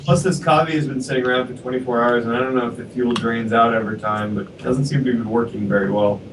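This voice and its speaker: A man hosting a livestream, teasing his co-hosts with quick wisecracks. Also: medium pitch, fairly even intonation. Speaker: livestream host. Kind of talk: casual banter. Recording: distant mic with clear background noise.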